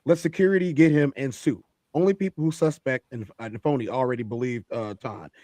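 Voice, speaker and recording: A man's voice: medium pitch, fairly even intonation, brisk, a little mellow, no room sound. A man hosting a reaction commentary, emphatic and repeating phrases for effect. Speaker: host.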